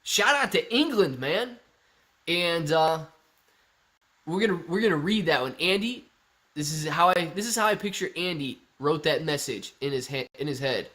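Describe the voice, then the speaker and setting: A man's voice: on the high side, animated, unhurried, fairly bright tone. A man hosting a casual live stream, chatting and joking as he reads viewer comments aloud.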